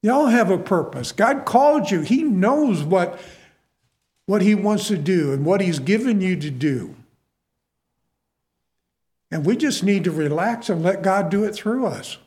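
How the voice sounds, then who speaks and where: A man's voice: high-pitched, lively intonation, unhurried, pauses often, darkish tone. A male pastor preaching a sermon to his congregation in a folksy manner, repeating key phrases for emphasis.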